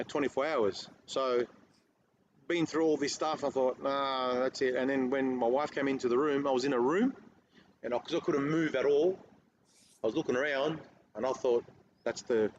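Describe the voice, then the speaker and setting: A man, a guest telling a rambling story in casual podcast chat. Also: medium pitch. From Australia. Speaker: guest car detailer. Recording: muffled lo-fi audio with faint noise.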